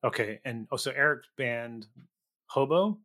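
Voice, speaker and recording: A man with an average-pitched voice hosts a relaxed interview. He asks easygoing questions and trades stories in a conversational way. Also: a little slow. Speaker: podcast host. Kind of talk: casual interview chat.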